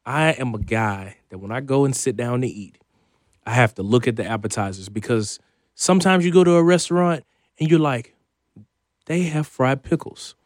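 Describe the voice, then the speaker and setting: A male sports reporter guesting on a radio show, easygoing and thinking aloud at a middle pitch. The recording is dry and close-miked. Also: animated, a little fast, dry recording. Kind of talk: casual chat.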